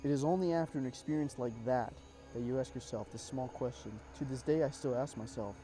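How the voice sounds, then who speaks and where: In a suspenseful, measured first-person telling, a horror narrator describes a spooky episode from war, throwing in casual asides. His voice is mid-pitched, dark, and mellow, set over soft music.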